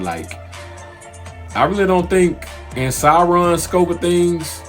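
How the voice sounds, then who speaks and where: Chatty man reviewing a TV episode. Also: on the low side. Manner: animated, loose and conversational with many fillers and restarts. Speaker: TV recap host. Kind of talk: casual spoken TV episode review.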